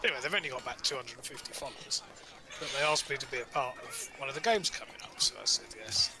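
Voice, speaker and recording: A man's voice: medium pitch, animated, fast talker, background noise. A man chatting casually and joking about himself, laughing often. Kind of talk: casual chat. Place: home, indoors.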